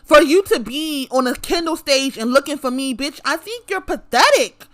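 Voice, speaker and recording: A woman with a high, sharp, bright voice rants straight to camera. She is confrontational and profane, and she hammers her points by repeating them. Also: moderate pace. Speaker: vlogger. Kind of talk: direct-to-camera rant.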